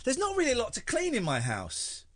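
A man's voice: extremely high pitch, wildly swooping pitch, brisk, a bit bright, no echo, studio quality. A man with an English accent hosting a radio show, rambling and self-mocking in casual chat. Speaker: radio host.

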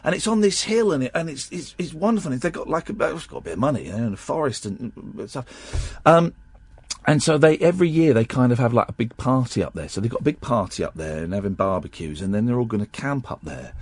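A man's voice: medium pitch, lively intonation, fast, slightly rough, dry recording. A man hosting a radio show, chatting casually on air in a rambling way with plenty of restarts.

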